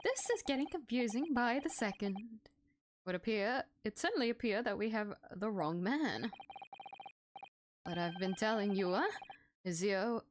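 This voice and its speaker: A woman's voice: mid-range voice, lively intonation, unhurried, slight background noise. A woman streamer reading game dialogue aloud in character voices, playful and giggly, stumbling over words and laughing at her own flubs. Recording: game music behind voice.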